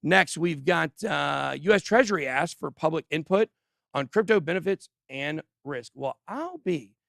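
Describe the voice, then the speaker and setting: A man hosts a crypto livestream from a studio, giving casual commentary in an animated, joking way and talking straight to his viewers. His voice sits a little high with a gravelly edge. The sound is dry and close. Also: measured pace, no echo. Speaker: crypto channel host.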